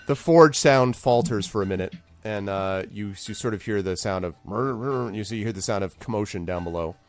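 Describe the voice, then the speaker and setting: A man narrating as game master of a tabletop game, relaxed and rambling with many fillers. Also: on the low side, a little fast, faint music behind.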